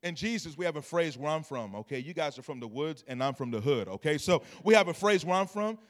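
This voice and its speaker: A male pastor preaching a sermon in church. He tells the story in a lively way, drops into quiet asides, then rises to loud, emphatic calls and asks the congregation to respond. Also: a little high, fast talker.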